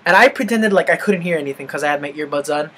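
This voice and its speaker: Young man, husky voice, animated swearing rant, casual vlog delivery. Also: a little high, quick pace, low-quality recording. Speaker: vlogger.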